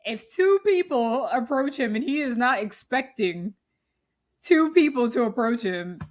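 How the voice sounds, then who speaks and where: A woman's voice: fairly high pitch, measured pace, a little hiss or hum. A woman in her thirties co-hosting a podcast, animatedly recapping a movie in casual chat and laughing often. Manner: animated, laughing, retells scenes. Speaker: podcast co-host.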